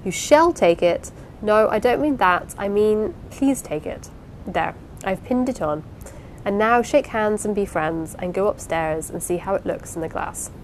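A woman reading the part of an impulsive, warm-hearted young wife in an audiobook, with an eager, pleading, apologetic manner. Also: medium pitch, expressive, a little slow, a little hiss or hum, natural voice, low-quality recording. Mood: coaxing.

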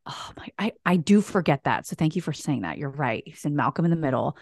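A woman co-hosting a casual chat over a video call, gushing and bubbly and quick to laugh. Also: deep voice, expressive, darkish tone, no echo, studio quality. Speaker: co-host.

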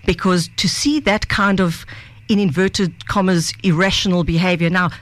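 A woman, a guest on a radio show, telling stories in a lively way and acting out the voices of people she quotes. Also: fairly low pitch, normal speed. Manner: animated storyteller, acts out quoted voices. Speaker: guest speaker on mental health. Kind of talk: studio interview.

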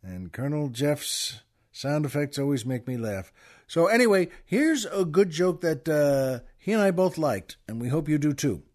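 A man's voice: on the high side, very animated, moderate pace. A man hosting a podcast, casually telling a joke as a rambling storyteller with many restarts. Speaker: podcast host.

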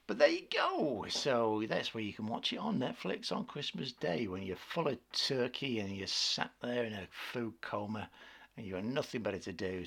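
A man co-hosting a casual film podcast, opinionated and quick to rant with exasperation. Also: lowish voice, creaky, pushed and bright, husky. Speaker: podcast co-host.

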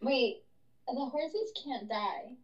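A woman's voice: on the high side, animated, very slow, lo-fi sound, crowd noise. A woman player in a tabletop game, giggly and mocking her own bad luck. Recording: distant mic with faint noise.

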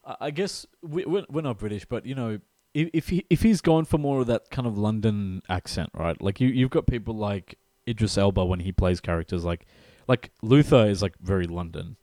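Laughing, stammering man, lowish voice. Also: normal speed, few pauses, mellow, dry recording. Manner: laughs often, stammers and repeats words when starting a thought. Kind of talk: casual chat.

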